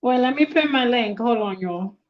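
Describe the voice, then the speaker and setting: High-voiced excitable woman livestreaming. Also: normal speed, muffled recording. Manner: excitable, laughs often, flustered by the tech. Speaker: livestream host. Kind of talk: casual live-stream chat. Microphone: tablet.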